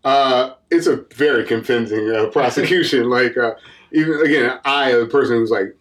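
Guy rambling through a movie plot, mid-pitch voice, does little character voices. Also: normal speed, fairly bright tone. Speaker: podcast co-host. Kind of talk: casual movie recap chat.

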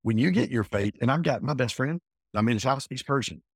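A man talking as an entrepreneur guest in a casual interview, emphatic and energetic, often repeating himself. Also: mid-range voice, fairly quick, breathy edge, no echo, studio quality.

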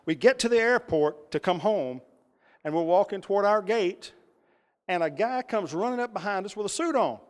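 Male preacher, high voice, folksy storyteller working the congregation, long hall reverb. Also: lively intonation, moderate pace, clear, resonant tone. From Texas. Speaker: pastor. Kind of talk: sermon.

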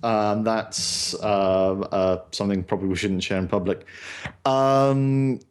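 A man's voice: on the low side, steady tone, slow pace, clean tone. A man co-hosting a live podcast, playful and rambling with lots of fillers and the odd swear. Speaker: podcast co-host. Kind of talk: casual chat.

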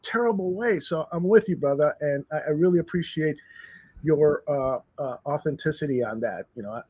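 A man hosting a sports talk show, earnest, talkative and animated. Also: fairly high pitch, moderate pace, breathy edge, no echo.

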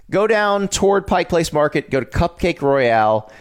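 A man's voice: fairly high pitch, normal speed, smooth. A man in his forties co-hosting a podcast, chatting casually and telling food stories with enthusiasm. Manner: enthusiastic storyteller, animated. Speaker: podcast co-host. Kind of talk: casual chat about food and travel.

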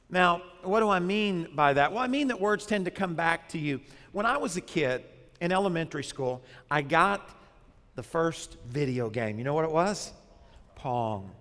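A man who grew up in Arkansas, preaching a sermon in a lively, conversational way with bits of humor. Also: sits high, in a large hall. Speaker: pastor.

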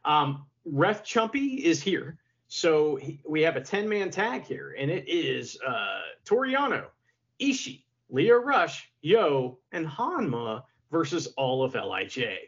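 A man's voice: fairly high pitch, big pitch swings, takes it slowly, a bit bright, breathy edge, dull audio. A man co-hosting a podcast in casual chat, who laughs a lot and acts out quotes in silly voices. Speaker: podcast co-host.

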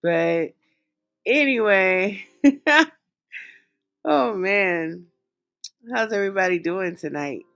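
A woman's voice: medium pitch, expressive, very slow, gravelly, long pauses, fairly bright tone. A woman co-hosting a casual chat show, laid-back and chatty, laughing often as she reads listener letters and gives advice. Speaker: podcast co-host.

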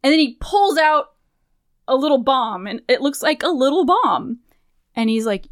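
A woman in her thirties co-hosting a podcast, recapping a game in animated, profane storytelling. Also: high voice, moderate pace, no room sound, studio quality. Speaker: podcast co-host. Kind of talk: casual game recap chat.

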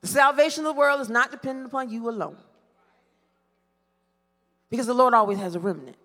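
A woman preaching a sermon with a fairly high voice, building her points with call-and-response questions and dramatic pauses. Her voice rings with the long reverb of a church sanctuary. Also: a bit bright.

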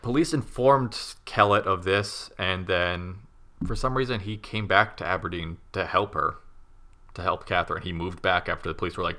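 A man's voice: sits low, moderate pace, bright, forceful tone. A man casually recounting a true crime story to a co-host, rambling with many fillers and wry asides.

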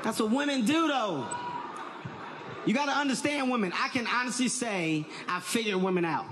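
A man doing a stand-up comedy set, loud and animated, often shouting his punchlines. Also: very high-pitched, moderate pace, noisy background.

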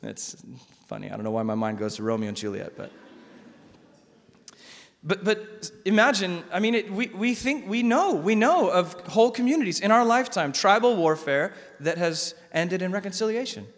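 A male pastor preaching a sermon in a conversational, animated way, often repeating words. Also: high-pitched, normal speed. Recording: long hall reverb.

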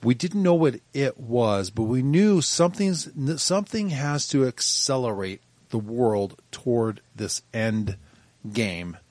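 A man co-hosting a casual podcast, talking in quick bursts with frequent restarts and sudden lively bits of mimicry. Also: medium pitch, no echo. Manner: talks in bursts, restarts often, animated when mimicking others. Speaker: podcast co-host.

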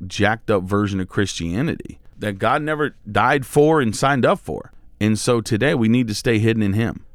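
A man's voice: on the low side, dry recording, clean studio sound. A male pastor giving a devotional sermon in a casual, conversational way, with lots of filler words.

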